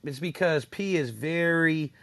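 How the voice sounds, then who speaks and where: A man's voice: on the high side, a little slow, a bit bright. A man in an audio chat room who cuts in over the host to make a point.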